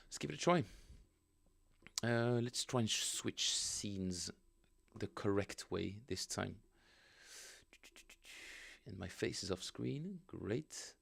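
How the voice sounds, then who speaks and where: A man's voice: on the low side, animated, slow pace, gravelly, pauses often, fairly bright tone, husky. A man casually chatting with viewers on a live stream, rambling and joking as he reads chat aloud. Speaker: bass player streaming practice.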